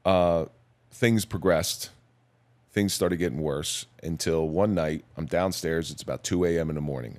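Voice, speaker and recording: A middle-aged man, a police officer, recounting his story in a measured, somber, plain-spoken way as a podcast guest. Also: low-pitched, darkish tone. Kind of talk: personal storytelling in a podcast interview.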